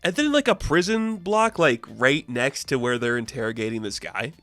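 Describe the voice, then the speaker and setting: Young male comic reviewer, casual and rambling, mid pitch, dry booth sound. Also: expressive, normal speed, a bit bright, no room sound, faint music behind. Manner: rambling, frequent "like", acts out characters. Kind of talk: casual chat.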